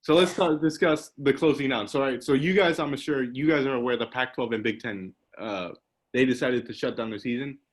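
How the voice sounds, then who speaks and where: This young podcast host chats casually over a video call in a mid-range voice, talking a little fast. His storytelling wanders, full of laughter and frequent "like"s.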